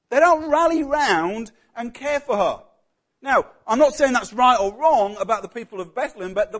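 A man preaching a sermon in a conversational way, often putting questions to the congregation. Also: high voice.

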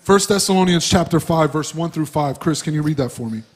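High-voiced man preaching a lively sermon. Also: a little fast. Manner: conversational preaching, swinging between loud emphasis and soft asides. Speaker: pastor. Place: church.

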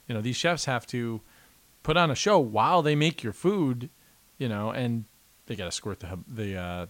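A man's voice: mid-range voice, fairly bright tone, no room sound. A man co-hosting a podcast, teasing his co-host playfully and laughing often. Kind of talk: casual chat.

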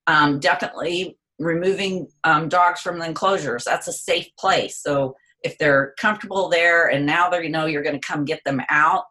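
In a low-pitched, sharp voice, the woman explains pet behavior at normal speed with hardly any pauses, occasionally speaking a dog's thoughts. She is a guest expert in a conversational interview, heard on a call line.

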